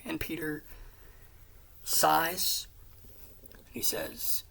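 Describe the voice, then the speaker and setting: A woman casually retelling an episode pitch, rambling with quick asides and swearing, in a whispery, gravelly voice. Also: steady tone, a bit bright, slight background noise, low-quality recording. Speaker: fan pitch presenter.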